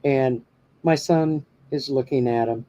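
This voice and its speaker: Man, podcast host, dark mellow tone, dull lo-fi sound, rambling casual storytelling. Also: mid-range voice, takes it slowly. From New Hampshire. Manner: rambling, many fillers and restarts.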